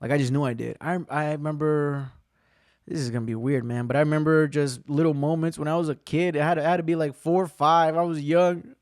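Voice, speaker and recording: A man hosting his own solo podcast, rambling through stories with lots of swearing and excitable bursts. His voice sits a bit high for a man. The recording is close and dry. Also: fairly quick, no echo. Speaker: podcast host. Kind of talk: casual solo podcast storytelling.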